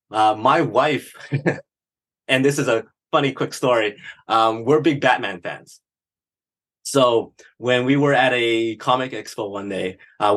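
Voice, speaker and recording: A man's voice: medium pitch, breathy edge. A middle-aged man, a business strategist, talking upbeat as an interview guest and telling stories. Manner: upbeat, animated storytelling with laughs. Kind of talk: casual interview talk.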